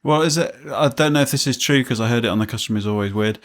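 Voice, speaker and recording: A man's voice: mid-range voice, rapid-fire. A man co-hosting a casual chat podcast, rambling and jokey as he thinks aloud. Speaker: podcast co-host.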